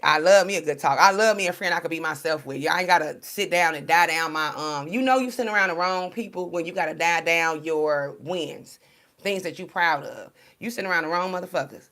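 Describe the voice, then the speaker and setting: A woman who reads tarot cards, talking straight to her followers in a blunt, profane, slang-heavy and animated monologue. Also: fairly low pitch, a little fast. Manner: storytelling, addressing followers as y'all. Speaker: tarot card reader. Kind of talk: casual direct-to-camera monologue.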